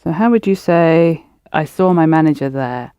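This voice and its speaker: A woman's voice: sits low, normal speed, clean tone, dry recording, dull audio. A woman teaching a language lesson, patiently prompting students and correcting their pronunciation.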